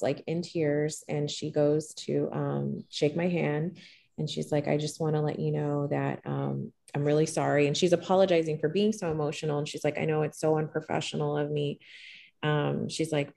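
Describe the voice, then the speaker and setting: Middle-aged woman guest, low and gravelly, calm even-keeled storyteller with lots of "um"s. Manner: calm, even-keeled, with frequent fillers and restarts. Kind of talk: personal storytelling in conversation.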